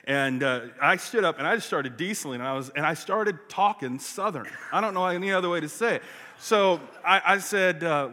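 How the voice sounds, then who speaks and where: A man preaching a sermon, telling a story in an animated way with frequent restarts. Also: a little high, moderate pace. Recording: long hall reverb.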